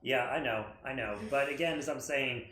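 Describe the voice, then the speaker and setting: A man's voice: mid-range voice, moderate pace, a bit bright, a little hiss or hum. A man co-hosting a stream, chatting casually about a movie and searching for his words. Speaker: stream co-host. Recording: echoey room.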